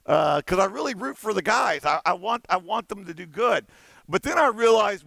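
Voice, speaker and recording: A man giving a conference talk, telling an animated, playful story and acting out the dialogue. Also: high voice, moderate pace, gravelly, dry recording. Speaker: conference keynote speaker. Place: conference stage.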